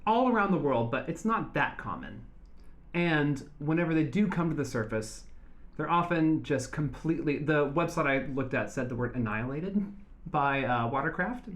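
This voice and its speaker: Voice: mid-range voice, lively intonation, normal speed. Giggly podcast co-host presenting facts. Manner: chatty and giggly, with frequent fillers. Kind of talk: casual podcast chat.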